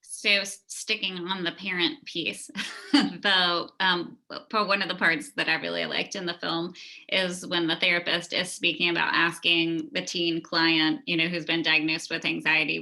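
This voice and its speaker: A woman moderator talks in a chatty, friendly way and puts questions to her guest. Her voice is bright with a gravelly edge, and it sits a bit low for a woman. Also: low-quality recording. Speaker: discussion moderator. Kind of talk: conversational moderating.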